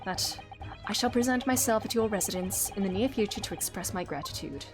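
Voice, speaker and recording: A woman's voice: mid-range voice, brisk, over music, pitched below the performer's own voice, natural voice. A woman voicing a formal, cold aristocratic male lord in clipped tones. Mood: reserved. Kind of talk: reading game dialogue aloud.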